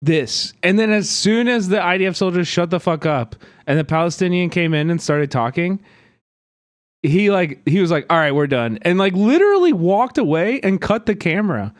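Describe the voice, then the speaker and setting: A man's voice: high voice, animated, normal speed, dry recording, clean studio sound. Agitated profane male streamer. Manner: agitated, profane, rambling with many fillers. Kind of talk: casual live-stream storytelling.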